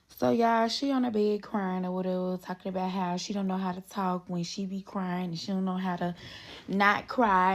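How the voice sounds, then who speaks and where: A woman's voice: medium pitch, no echo. Fed-up, profane woman telling a story. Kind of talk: casual storytime.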